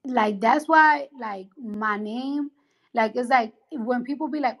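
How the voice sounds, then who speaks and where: A woman's voice: fairly high pitch, moderate pace. A woman with a New York accent talking on a casual livestream, blunt and profane, heated and rambling with many restarts. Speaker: social media livestreamer.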